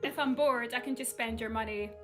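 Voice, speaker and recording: Sassy young woman over loud music. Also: on the high side, fairly quick. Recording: loud music bed behind the voice.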